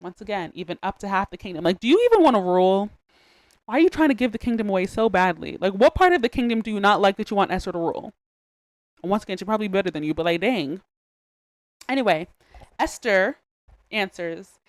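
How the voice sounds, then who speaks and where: A woman's voice: mid-range voice, brisk, no echo. Chatty young woman retelling a Bible story. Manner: animated and slangy, with joking asides. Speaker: podcast host.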